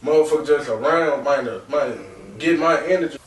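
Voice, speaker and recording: A man's voice: on the high side, moderate pace, a little hiss or hum. Young man telling a raw story, echoey. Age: 20s. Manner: raw, rambling, emotional, with repeated asides like "real talk" and "bro". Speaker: podcast host. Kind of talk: candid personal storytelling. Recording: echoey room, distant mic.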